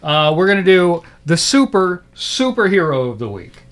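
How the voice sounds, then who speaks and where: A man hosting a casual podcast chat about superhero shows, animated, often laughing and trailing off into fillers. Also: high voice, moderate pace. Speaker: podcast host.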